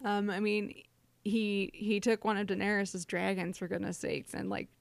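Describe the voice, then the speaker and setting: Woman podcast co-host, mid-pitched, halting and agreeable, dry close mic. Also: flat delivery, gravelly, no room sound. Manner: hesitant, filler-heavy, agreeable. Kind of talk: casual chat.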